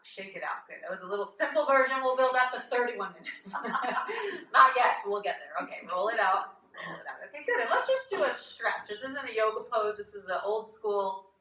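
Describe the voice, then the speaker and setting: A woman yoga teacher guiding a live chair yoga class with gentle, chatty instructions and easy laughs. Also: medium pitch, lively intonation, normal speed. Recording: echoey room, voice from a distance.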